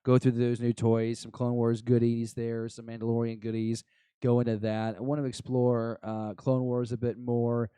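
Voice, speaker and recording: Guy hosting a podcast, rambles w lots of ums, clean smooth voice, dead dry. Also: medium pitch, completely flat delivery, moderate pace, mellow, no echo. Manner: rambling, filler-heavy, self-deprecating. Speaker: podcast host. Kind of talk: casual podcast chat.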